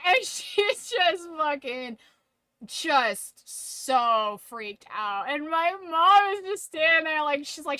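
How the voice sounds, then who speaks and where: A woman's voice: high voice, big pitch swings, slow pace, sharp tone, no echo. A woman streamer telling a story in casual talk to her live stream. She giggles often, swears freely and fills her talk with "like".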